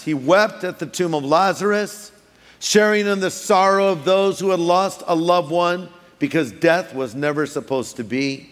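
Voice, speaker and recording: A middle-aged man preaching a sermon as a pastor, telling lively stories and briefly acting out voices for effect. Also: high voice. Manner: animated storytelling, acting out quick voices for effect. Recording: long reverb of a large hall.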